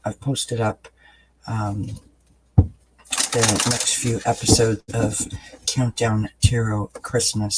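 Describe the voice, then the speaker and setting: A man doing a tarot card reading for his channel, explaining each card in a calm, unhurried way with pauses and fillers. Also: mid-range voice, very noisy. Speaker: tarot reader.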